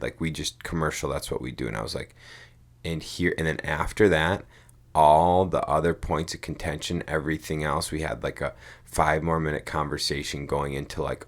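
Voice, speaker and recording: Very deep, gravelly-voiced man chatting. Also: fairly even intonation, normal speed. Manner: rambling storyteller, swears casually, says "dude" and "like" a lot. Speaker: podcast co-host. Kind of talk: casual chat.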